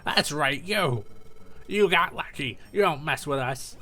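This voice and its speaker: A man's voice: a little high, animated, unhurried, bright, forceful tone, soft background music, full character voice. A man voicing a rowdy monkey gang thug from a game, talking with tough-guy swagger. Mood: brash.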